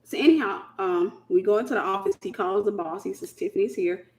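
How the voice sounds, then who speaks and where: A woman hosts a casual Christian teaching talk at a mid-range pitch. She speaks in an emphatic, colloquial way and hammers home her points by repeating phrases. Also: fairly quick, darkish tone. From United States. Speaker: host.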